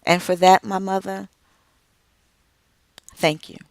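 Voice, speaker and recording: A middle-aged woman giving an inspirational speech about her family, slow and emphatic with dramatic pauses. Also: medium pitch, flat delivery, vocal fry, no echo. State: tearful at moments. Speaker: author and speaker.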